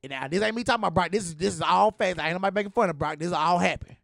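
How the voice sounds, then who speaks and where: A young man hosting a podcast, telling stories in a casual, animated way and acting out the voices of the people he quotes. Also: high-pitched, rapid-fire, gravelly, dry recording, studio quality. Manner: animated, acts out quoted voices, laughs often. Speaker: podcast host. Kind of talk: casual storytelling chat.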